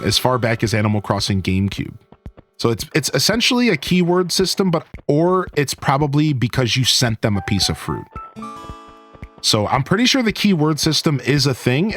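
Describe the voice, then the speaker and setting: A man streaming a video game, chatting casually and joking with his viewers. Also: medium pitch. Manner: animated, jokey, talks to chat. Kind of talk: casual gaming chat.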